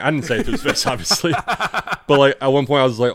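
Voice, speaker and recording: Fast-talking casual podcast man, dry sound. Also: medium pitch, fairly bright tone, dry recording. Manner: fast, rambling, swears freely. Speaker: podcast co-host. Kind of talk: casual chat.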